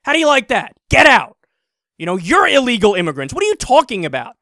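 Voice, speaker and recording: A man voicing a furious Native American man who shouts down protesters in a raised, scolding voice. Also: very high voice, wildly swooping pitch, fast, no room sound, studio quality, pitched above the performer's own voice, full character voice. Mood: angry, scolding.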